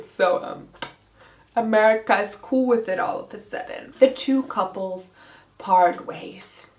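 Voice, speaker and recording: A woman's voice: medium pitch, unhurried. A young woman giving a casual, sarcastic book recap as a vlogger. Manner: sarcastic and snarky. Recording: roomy echo.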